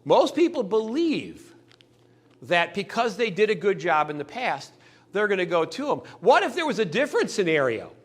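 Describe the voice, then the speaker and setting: In a high voice at normal speed, a man presents motivational sales training. Little scenes of customers and salespeople come to life as he acts them out with animation, doing the customers' voices.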